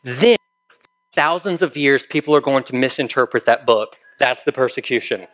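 A man's voice: mid-range voice, normal speed, fairly bright tone. A male pastor preaching a sermon in a conversational way, often putting questions to his listeners.

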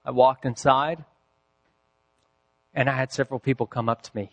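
A man preaching a sermon, telling a story with deliberate pacing and dramatic pauses. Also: mid-range voice, steady tone. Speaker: pastor.

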